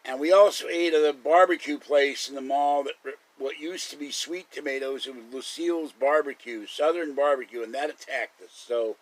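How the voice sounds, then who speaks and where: A man's voice: a little high, moderate pace, hardly any pauses, poor audio. A man hosting a live stream, rambling through casual stories and chuckling often. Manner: chatty storyteller, chuckles often.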